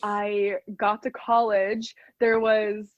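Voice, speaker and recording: A woman's voice: mid-range voice, little pitch movement, slow, no echo, muffled recording. A young American woman, a podcast guest, telling a story in casual chat, giggling often and saying "like" a lot. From United States. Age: young adult. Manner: giggly, filler-heavy with lots of "like".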